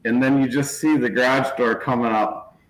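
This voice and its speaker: A man talking loosely over a laptop from a small shop office, which gives his voice a roomy echo. His pitch sits in the middle, and he tells his story in a relaxed, rambling way. He drifts into mock voices and chuckles as he goes. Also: normal speed. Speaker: channel host. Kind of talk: casual video chat. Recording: echoey room.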